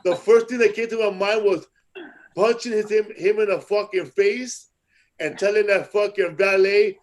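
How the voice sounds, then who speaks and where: A man's voice: high voice, steady tone, normal speed, rough recording. A man hosting a podcast, telling stories in casual street slang, swearing and acting out angry quotes. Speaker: podcast host. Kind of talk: casual storytelling chat.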